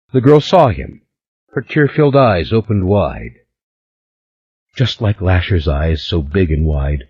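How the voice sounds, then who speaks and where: A man narrating an audiobook in a measured, dramatic way. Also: low voice, husky, highs cut off. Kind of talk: scripted narration.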